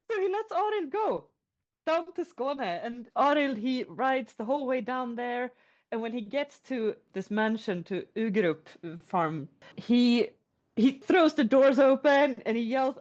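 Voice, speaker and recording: Lady storyteller, chatty and lively, highish voice, lo-fi podcast sound. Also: unhurried. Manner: animated, chatty retelling. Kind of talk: animated storytelling. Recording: lo-fi podcast audio.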